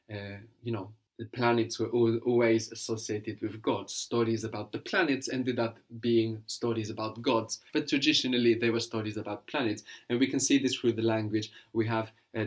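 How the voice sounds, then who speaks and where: A man teaching a language lesson, patiently explaining words and prompting his student to translate. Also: fairly low pitch.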